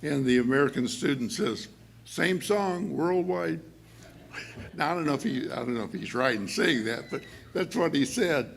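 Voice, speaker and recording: A man giving a sermon to his congregation in a chatty, halting way, with many fillers and restarts and frequent laughs. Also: medium pitch, creaky, slight background noise. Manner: laughs often while speaking. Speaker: church speaker.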